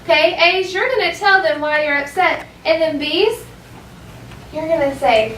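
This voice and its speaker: High-voiced teacher in an echoey classroom. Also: female voice, animated, fairly bright tone, recorded from a distance, a little hiss or hum. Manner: models phrases slowly for students to echo. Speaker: elementary school teacher. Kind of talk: classroom language lesson.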